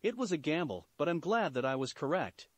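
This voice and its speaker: A man's voice: fairly high pitch, very animated, fairly quick, no echo. A man reading a cocky young hero. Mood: smug. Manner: smug, commanding. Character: cocky young male hero, smug and defiant.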